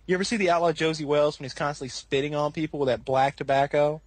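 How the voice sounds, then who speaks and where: A man with a slightly high, husky voice tells a story on a podcast. He talks casually and with energy, and laughs often. The sound is dry and close to the mic. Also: fast talker, no room sound. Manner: animated, laughs often, acts out quoted people in a higher voice. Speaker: podcast co-host.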